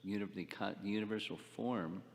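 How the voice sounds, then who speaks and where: An older man giving a scripture class lecture, speaking haltingly, repeating words and asking the class questions. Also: lowish voice, fairly even intonation, long reverb tail. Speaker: spiritual teacher.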